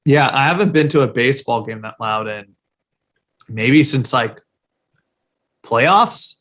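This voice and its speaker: A man's voice: mid-range voice, animated, slow, a bit bright. A man co-hosting a sports podcast in loose, rambling casual chat, with lots of fillers and casual swearing. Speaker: podcast co-host.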